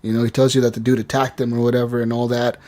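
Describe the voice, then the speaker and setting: A man's voice: mid-range voice, rapid-fire. A man on a casual gaming podcast, retelling what happened in his playthrough with plenty of fillers and acted-out quotes. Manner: animated storytelling, acts out quotes, many fillers. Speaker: podcast guest or host.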